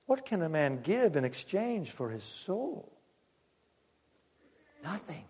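An older man preaching a sermon and telling stories, moving from loud, emphatic lines to hushed ones. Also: a little high, slow, slightly rough. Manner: animated, swinging from loud to hushed. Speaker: pastor. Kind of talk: sermon with personal storytelling. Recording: long hall reverb.

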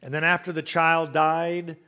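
A man preaching a sermon, telling stories and acting out quotes, swinging from loud rising emphasis to very soft low tones. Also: level tone, unhurried. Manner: storytelling preacher who acts out quotes. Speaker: pastor.

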